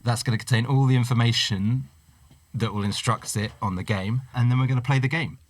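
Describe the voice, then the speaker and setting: A man hosting a podcast, explaining the game in brisk casual chat. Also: mid-range voice, no echo. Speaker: podcast host.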